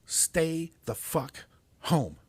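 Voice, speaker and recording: A man's voice: a little high, sing-song, drawn-out words, darkish tone, husky, no echo. Angry, cursing middle-aged man ranting. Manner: angry, swearing constantly, stumbling over words. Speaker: podcast host. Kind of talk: profane ranting monologue.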